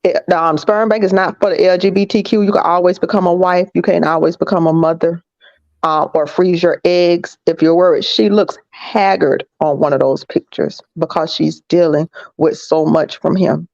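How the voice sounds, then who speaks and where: A woman's voice: on the low side, steady tone, normal speed, gravelly, a little mellow, no echo. A woman giving blunt opinions in a casual panel debate. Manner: blunt, laughs between points. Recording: dull lo-fi online audio.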